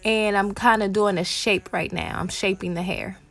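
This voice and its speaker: A woman's voice: medium pitch, fairly even intonation, normal speed, gravelly, fairly bright tone. A woman, a mother and hair vlogger, narrating a home haircut in a casual, explanatory voice-over full of ums and likes.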